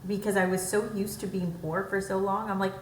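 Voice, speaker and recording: A woman co-hosting a podcast in casual chat, animated, jumping high in pitch when acting out her own thoughts. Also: fairly quick. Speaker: podcast co-host. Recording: echoey room, off-mic, faint background hum.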